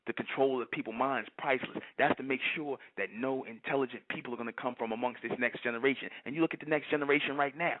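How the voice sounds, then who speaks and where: A man's voice: mid-range voice, fairly even intonation, fast talker, hardly any pauses. A man, preaching fiercely to his listeners and asking "you understand?" again and again. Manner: fiery, repeats "you understand?". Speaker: channel host. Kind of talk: preaching monologue. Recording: tinny phone-like audio.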